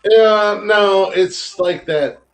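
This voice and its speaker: A man's voice: high voice, drawn-out words. A man co-hosting a podcast in casual chat, blunt and opinionated, swearing freely. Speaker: podcast co-host.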